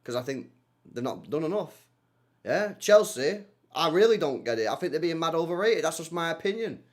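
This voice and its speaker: A young man with a voice on the high side speaks at normal speed while hosting a football watchalong stream. He answers viewer comments in an animated, slangy way, repeating himself and tossing in many tag questions.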